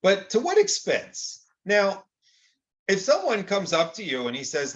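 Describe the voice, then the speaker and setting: A man's voice: a little high, big pitch swings, moderate pace, dull audio. An older man teaching Torah in an informal, conversational lecture, often acting out quoted exchanges with rhetorical rises.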